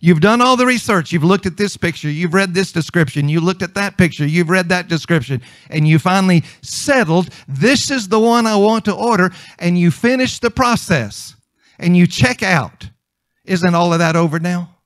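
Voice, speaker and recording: A man's voice: high-pitched, normal speed, a bit bright, no echo. A male preacher delivering a conversational sermon, emphatic and repeating his points.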